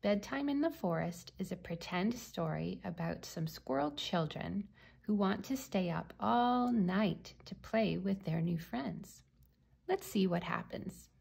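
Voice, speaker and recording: Woman storyteller for a children's book, unhurried and gentle, a gravelly, husky tone. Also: medium pitch, lively intonation. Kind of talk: reading a picture book aloud.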